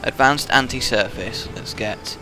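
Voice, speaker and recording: A man giving live gameplay commentary with excitable, swearing trash talk. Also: mid-range voice, measured pace, noisy background. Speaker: gaming video host.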